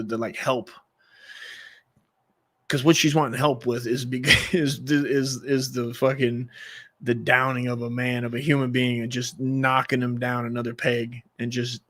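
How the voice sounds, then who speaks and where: A man's voice: medium pitch, fairly bright tone. A man telling a rambling, profane personal story in casual monologue, with frequent restarts and laughs.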